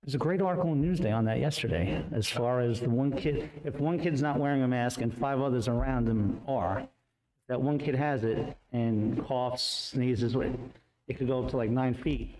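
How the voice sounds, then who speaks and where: A man chairs a school board meeting and moves through the agenda in a matter-of-fact way. His voice is warm and mellow. His pitch sits in an ordinary middle range. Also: normal speed, poor audio.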